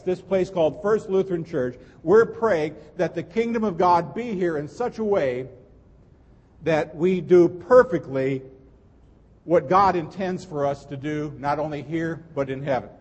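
Pastor, male, high husky voice, earnest emphatic sermon delivery, long church reverb. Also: darkish tone. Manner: earnest, emphatic preaching with repeated phrases. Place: church sanctuary.

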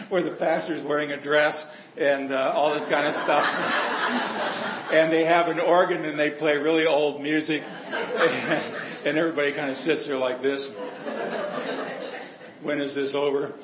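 A man's voice: fairly high pitch, fairly even intonation, a little fast, roomy sound, dull audio, crowd noise. A male pastor preaching a sermon in a church, telling stories in a conversational, humorous way.

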